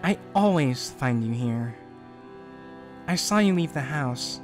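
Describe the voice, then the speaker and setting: A man voicing a worried, gentle young woman who stammers softly, over faint game music. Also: mid-range voice, animated, takes it slowly, voice pushed down. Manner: hesitant, stammering and soft.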